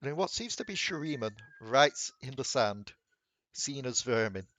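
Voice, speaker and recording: A man as game master, narrating a tabletop game in steady, descriptive terms. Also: mid-range voice, normal speed.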